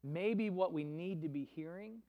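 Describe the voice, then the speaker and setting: A man preaching a sermon in an earnest, measured way, now and then acting out quoted voices with feeling. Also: high-pitched, highs cut off. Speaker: pastor.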